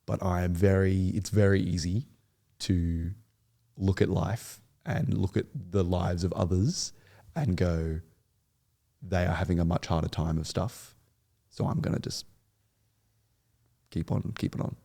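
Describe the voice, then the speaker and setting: A man's voice: deep voice, fairly even intonation, measured pace, gravelly, long pauses, warm tone. A young man speaking as a podcast guest, telling his story in an earnest, rambling way with many restarts. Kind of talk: podcast interview.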